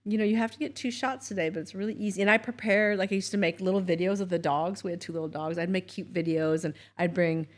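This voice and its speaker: Middle-aged woman, lively casual storyteller. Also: on the low side, quick pace, hardly any pauses. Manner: animated storytelling, acting out voices with laughs. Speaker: co-host, mother of the other host. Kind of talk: casual podcast chat.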